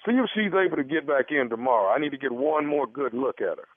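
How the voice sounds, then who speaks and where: Man playing a smarmy stammering doctor on a prank call, dry phone-line voice, middle pitch. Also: animated, fast talker, no echo, lightly acted. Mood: sly. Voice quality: stammering, sly, suggestive. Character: smarmy male doctor prank-calling a husband. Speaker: prank caller. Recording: phone-like band-limited sound.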